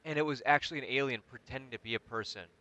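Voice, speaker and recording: A man hosting a casual chat while building in a game, telling animated stories and swearing now and then. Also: medium pitch, rapid-fire, poor audio. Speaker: host.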